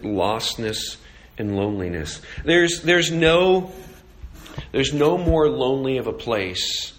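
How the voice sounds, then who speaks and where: A man preaching a sermon, telling a story with animation and asking rhetorical questions. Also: mid-range voice. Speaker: pastor.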